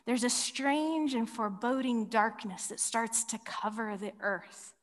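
A woman preaching a sermon as a dramatic story, moving between loud cries and hushed whispers. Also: on the high side, slow pace. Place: large hall with ceiling. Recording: long reverb in a large hall.

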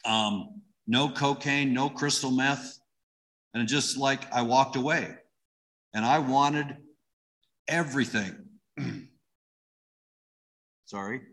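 A man's voice: mid-range voice, slow pace, long pauses, fairly bright tone. A middle-aged man giving an emotional personal testimony in conversational storytelling. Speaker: church member giving testimony.

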